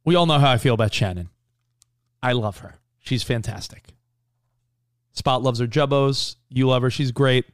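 A man co-hosting a podcast in casual chat, animated, often laughing and swearing freely. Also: medium pitch, moderate pace, long pauses, no room sound, studio quality. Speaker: podcast co-host.

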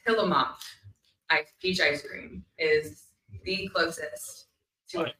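Chatty woman host, bright and roomy. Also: deep voice, fairly even intonation. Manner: chatty, lots of ums, quick laughs. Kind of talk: casual chat. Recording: roomy, mic at a distance.

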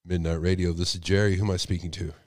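A man's voice: low voice, little pitch movement, quick pace, a little mellow, no room sound, clean studio sound. Sick man hosting a call-in show. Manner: speculative, asks rhetorical questions. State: sick with a cold. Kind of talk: casual call-in show talk.

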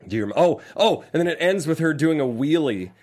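A man in an easygoing movie chat, lively and quick to laugh. His voice swings up and down as he retells scenes, now and then slipping into silly voices. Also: a little high. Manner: animated, laughs often, acts out lines in silly voices. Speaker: podcast co-host. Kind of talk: casual movie review chat.

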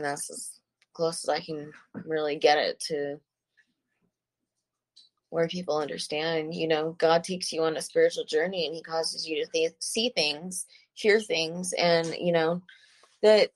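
A young woman giving a halting personal testimony as a guest, soft-spoken with many pauses. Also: low voice, steady tone, rough recording. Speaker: guest sharing her story.

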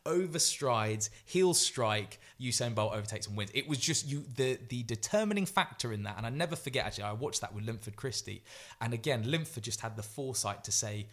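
A man on a podcast as a guest, telling stories in a lively way and acting out quotes. His voice is mid-pitched for a man. His speech is full of fillers and restarts. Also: fairly quick. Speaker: guest athlete. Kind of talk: storytelling podcast chat.

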